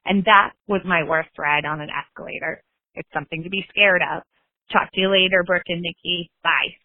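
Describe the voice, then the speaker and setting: A woman's voice: lowish voice, normal speed, no echo. Woman telling a story over a tinny phone line. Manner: animated, acts out quoted voices. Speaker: caller leaving a voicemail. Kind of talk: casual storytelling.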